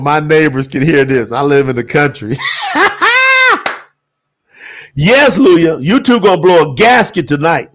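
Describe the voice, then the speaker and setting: A man teaching scripture on a livestream, preacherly and animated, bursting into shouts. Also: high-pitched. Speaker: Bible teacher and livestream host.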